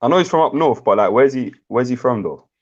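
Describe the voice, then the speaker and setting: A man's voice: medium pitch, expressive, brisk, dull audio. A man with a Birmingham accent hosting a live stream in a casual, slangy, laid-back chat, often laughing. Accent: Birmingham English. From England.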